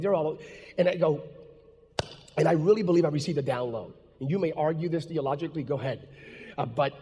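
High-voiced gravelly preacher in a hall. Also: male voice. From United States. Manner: storytelling that builds to fervent shouted preaching. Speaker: pastor. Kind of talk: sermon. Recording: long reverb of a large hall.

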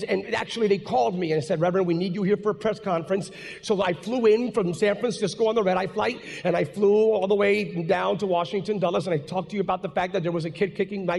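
A male pastor preaching a sermon, telling a story that builds into fervent, shouted preaching. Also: high voice, gravelly. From United States. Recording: long reverb of a large hall.

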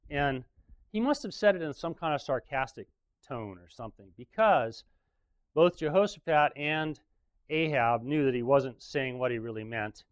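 Chatty preacher man with a higher voice. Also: lively intonation, normal speed, clear, resonant tone, no room sound. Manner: chatty, joking retelling with frequent chuckles. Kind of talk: casual sermon storytelling.

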